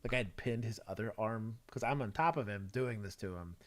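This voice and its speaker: A man with a Texas accent, a former police officer co-hosting a casual livestream, laid-back and often laughing, his sentences trailing off softly. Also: fairly low pitch, fairly quick.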